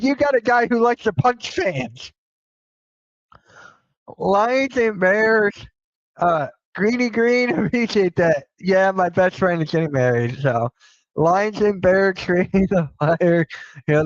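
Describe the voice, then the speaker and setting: A young man hosts a casual sports live stream, cursing often and bursting out at breaking news. His voice sits fairly high and he talks at an unhurried pace. The sound is dry and a little dull, like a modest home setup. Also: dry recording. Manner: excitable, swears freely, reacts loudly to news. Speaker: sports show host.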